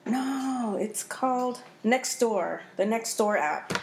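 A woman hosting a podcast in casual chat, telling stories in an animated, profane way. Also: fairly high pitch, takes it slowly. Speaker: podcast host. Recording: echoey room with faint noise.

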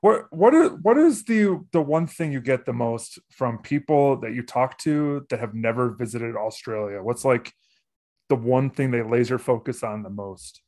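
A man hosts a podcast, reading his introduction and then chatting casually with his guest. He sounds friendly and a little halting, with a mid-range voice for a man. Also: mid-range voice, steady tone, a little mellow. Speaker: podcast host. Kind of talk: casual interview chat.

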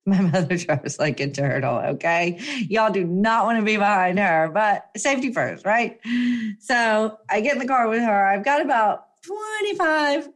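A young woman telling a personal story in a casual, animated way, full of fillers and acted-out quotes. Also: mid-range voice, moderate pace. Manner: animated, chatty, lots of fillers and voiced quotes.

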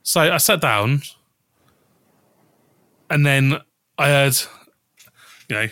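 Brief: man, podcast host, bright and dry close sound, rambling storyteller who restarts sentences and swears casually. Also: on the high side, slow pace, no room sound.

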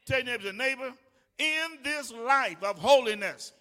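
A male pastor preaching a sermon with call-and-response, building from easy talk to shouted exhortation and mimicking whiny voices along the way. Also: very high-pitched, lively intonation, unhurried. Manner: mimics tired whining voices in asides. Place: church sanctuary. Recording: long hall reverb.

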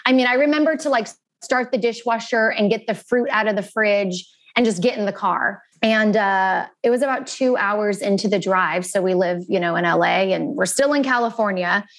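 A woman's voice: medium pitch, normal speed. Earnest woman telling a painful story. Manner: earnest and animated, acting out quoted phone calls. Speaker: interview guest. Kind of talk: emotional personal storytelling.

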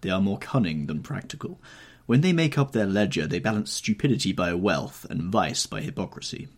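A man voicing a languid aristocratic gentleman who drawls out witty paradoxes in an audiobook reading. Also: low-pitched, expressive, fairly quick. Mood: wry.

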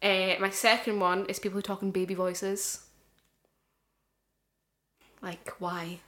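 A woman's voice: medium pitch, slow. Laughing young Scottish woman. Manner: laughs often, animated storytelling. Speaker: podcast co-host. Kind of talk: casual chat.

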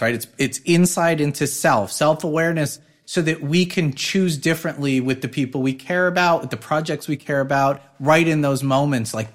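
A middle-aged man co-hosting a casual podcast, telling stories with energy and often checking in with "right?". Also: medium pitch. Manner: animated storyteller, leans on "right?". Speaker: podcast co-host.

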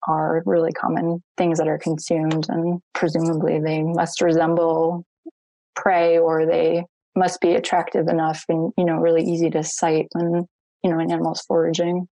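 A young woman guest on a podcast, speaking with a dark, mellow voice that is slightly low. Her delivery is measured and explanatory, in a dry, close-sounding recording. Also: monotone, no echo, rough recording. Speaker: marine researcher guest. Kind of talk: casual podcast interview.

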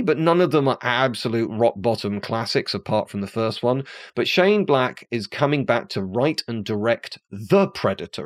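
Guy rambling about movie history, mid pitch, keeps correcting himself, very dry sound. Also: no room sound. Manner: chatty, digressive, corrects himself mid-sentence. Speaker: film commentator. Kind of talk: casual film-history monologue.

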